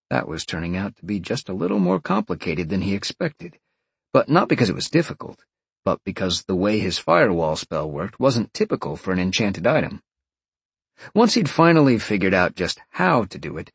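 Man, audiobook narrator, expressive storytelling, low husky voice, lively intonation. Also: no room sound. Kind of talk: scripted narration.

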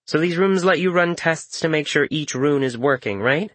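A man's voice: fairly high pitch, normal speed, a bit bright, dry recording, voice pushed up. A man voicing a blunt, sardonic young woman student. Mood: wary.

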